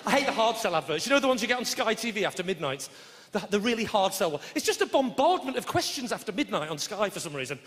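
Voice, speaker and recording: A middle-aged man doing a brash, sweary live stand-up routine, shouting his punchlines. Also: high voice, big pitch swings, fast. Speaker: stand-up comedian. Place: large theatre with audience. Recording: reverberant live hall with audience noise.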